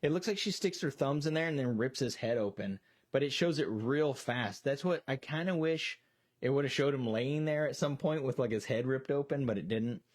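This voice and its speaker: A podcast co-host, a man with a medium-pitched voice speaking at normal speed, chats casually about movies. He retells scenes with plenty of swearing and imitated voices.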